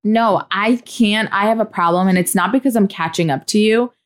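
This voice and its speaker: A young woman co-hosting a podcast, talking casually in a halting, laid-back way that trails off. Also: medium pitch. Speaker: podcast co-host. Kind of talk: casual chat.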